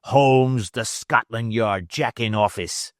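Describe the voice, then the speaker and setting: A man's voice: medium pitch, takes it slowly, no echo, clean studio sound, close to an everyday voice. A man doing a fierce, snarling old bully. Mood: threatening. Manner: blustering, snarling. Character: fierce, menacing old man, loud and threatening.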